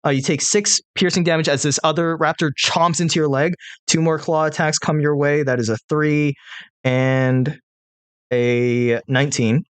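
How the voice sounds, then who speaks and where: A man's voice: fairly high pitch, fairly even intonation, normal speed, clear, resonant tone, no room sound. Dry-voiced man running a tabletop game. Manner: casual, loose narration with many fillers. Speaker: game master.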